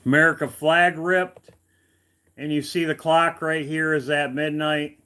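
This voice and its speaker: Slow-talking man greeting viewers. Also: a little high, fairly even intonation, pushed and bright, smooth. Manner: slow, halting, repeats himself with fillers. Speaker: online video host. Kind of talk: casual livestream talk greeting viewers.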